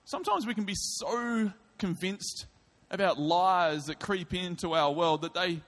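A man preaching a sermon, telling a comic story in an animated way with quick asides. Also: high-pitched. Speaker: pastor. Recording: reverberant hall.

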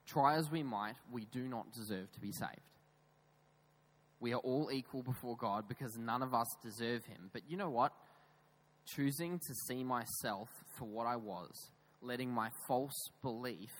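A man preaching a sermon in a church, emphatic, with raised stresses that drop into quiet, low asides. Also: a little slow, rough recording. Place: church with screens.

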